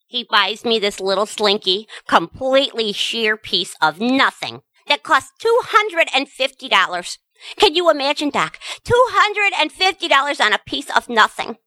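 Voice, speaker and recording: A woman doing a nagging, sharp-tongued older wife. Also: fairly high pitch, big pitch swings, moderate pace, no room sound. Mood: sarcastic. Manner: sarcastic, insulting. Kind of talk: comedy sketch acting.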